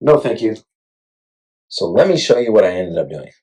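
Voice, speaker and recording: Middle-aged guy rambling about his camera setup, kinda low voice, gets all excited retelling stuff. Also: normal speed, rough recording. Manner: chatty, self-deprecating, excitable retelling. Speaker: vlogger reviewing camera gear. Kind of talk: casual gear vlog. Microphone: wireless clip-on mic.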